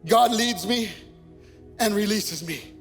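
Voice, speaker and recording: High-voiced male pastor preaching. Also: slow pace. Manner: preaching with rising intensity, repeating phrases. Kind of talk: sermon. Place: church sanctuary. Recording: long church reverb with faint music.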